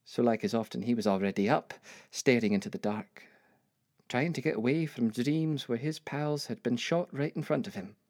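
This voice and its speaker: A woman's voice: a bass voice, normal speed, a little mellow, dry recording, clean studio sound. An older woman telling her life story as a reflective dramatic monologue with wry asides. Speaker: narrator.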